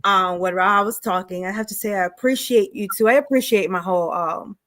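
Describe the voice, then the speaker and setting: A woman's voice: medium pitch, fairly quick, a bit bright. A woman co-hosting a live show, speaking in a heartfelt, emotional way. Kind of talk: casual live-show talk.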